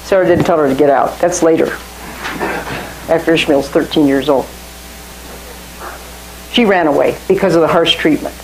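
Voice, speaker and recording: In a reverberant room, a woman with a lowish voice leads a small group through informal Bible teaching, talking over scripture conversationally and often repeating or restarting phrases. The audio is poor, with a bit of hiss or hum.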